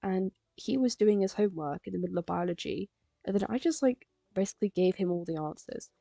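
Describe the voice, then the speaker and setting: A woman's voice: medium pitch, fairly quick, gravelly, warm tone, no room sound. A teenage girl from England, rambling casually on a live stream while she draws, full of fillers. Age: teens. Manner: rambling, chatty, frequent fillers. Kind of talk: casual chat while drawing.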